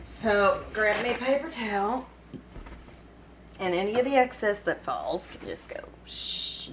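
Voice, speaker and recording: A woman's voice: medium pitch, big pitch swings, a little slow, long pauses, a little hiss or hum, low-quality recording. A woman with a Kentucky accent, chatting and giggling casually as she cooks in her home kitchen for a cooking vlog. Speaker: cooking vlogger.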